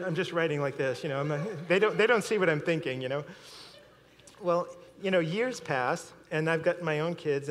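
Chuckling man preaching in a reverberant hall. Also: fairly high pitch. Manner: storytelling, chuckling often, repeating words. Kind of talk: sermon.

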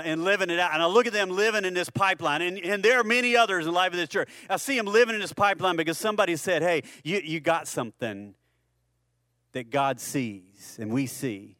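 A male pastor delivering a sermon with a fairly high voice. He talks to the congregation in a conversational way, throws rhetorical questions at them and repeats words when he restarts a phrase. The sound is dry and close. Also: fairly bright tone, no echo.

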